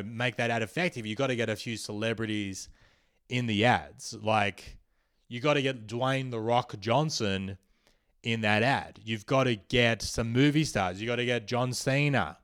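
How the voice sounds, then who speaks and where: Young male comic host, riffing satirical monologue, mid-pitched voice, loose rambling delivery with loud jumps. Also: moderate pace, clear, resonant tone. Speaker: comedy podcast host.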